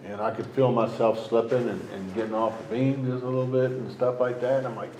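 A man sharing his personal recovery story at a meeting, rambling and halting, with many restarts and fillers. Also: medium pitch, steady tone, a little mellow, reverberant, slight background noise, rough recording. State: emotional at times. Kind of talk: personal testimony.

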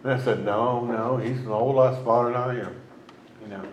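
A man sharing his personal recovery story at a meeting, rambling and halting, with many restarts and fillers. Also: medium pitch, steady tone, echoey room, slight background noise, poor audio. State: emotional at times. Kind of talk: personal testimony.

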